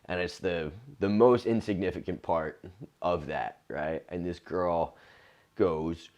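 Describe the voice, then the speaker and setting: Low-voiced man telling a comedy story. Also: a little slow, darkish tone. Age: 40s. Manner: loose, profane, rambling with many restarts. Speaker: comedian and podcast host. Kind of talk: casual storytelling monologue.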